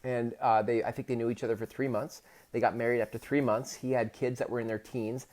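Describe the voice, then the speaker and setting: A man in his thirties, from the Pacific Northwest, talks through a personal story as a podcast host. His voice sits in a middle pitch. He stumbles and restarts often, and his delivery swells louder when the memory gets emotional. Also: little pitch movement. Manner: halting, many restarts, gets loud and emotional when retelling.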